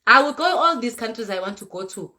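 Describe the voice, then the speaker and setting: A woman's voice: fairly high pitch, expressive, brisk, bright, forceful tone. A young South African woman with a South African accent, lecturing her commenters in an emphatic vlog rant and slipping in Zulu words. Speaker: content creator. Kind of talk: direct-to-camera rant vlog.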